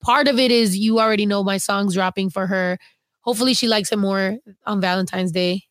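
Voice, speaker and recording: A woman's voice: mid-range voice, steady tone, fairly quick, dry recording, studio quality. A young adult woman hosting a casual livestream, reading chat comments with blunt, teasing, profane talk. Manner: blunt, swears freely, teasing.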